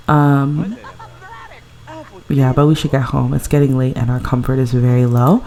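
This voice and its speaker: A woman's voice: low-pitched, a little mellow. A woman giving casual, gushing commentary over a life-sim game she plays at home, chatting and laughing often. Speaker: let's play creator.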